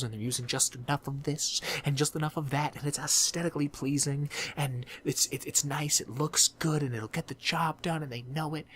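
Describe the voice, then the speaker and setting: A man's voice: mid-range voice, slight background noise. A man in his twenties, a podcast host, telling a story in casual chat, swearing and laughing as he goes.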